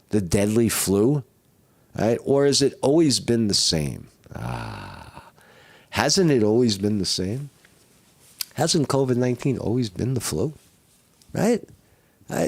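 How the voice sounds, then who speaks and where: A man with a fairly low voice and a rough, flu-sick throat, talking casually to his viewers. He rambles, swears freely and keeps asking "right?". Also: a little mellow. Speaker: vlogger. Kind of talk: casual live-stream monologue.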